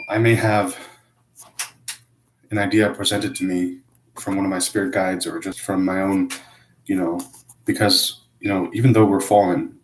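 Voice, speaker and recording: A man talking to camera in a hesitant, self-critical confessional monologue, full of pauses and restarts. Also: sits low, echoey room, slight background noise, low-quality recording. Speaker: vlogger.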